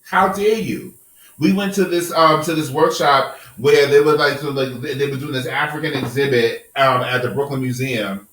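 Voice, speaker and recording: A man's voice: mid-range voice, moderate pace, hardly any pauses, a bit bright, reverberant, distant mic, slight background noise, rough recording. Impassioned profane male podcast host. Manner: impassioned, profane, preachy rants. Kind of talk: passionate casual podcast discussion.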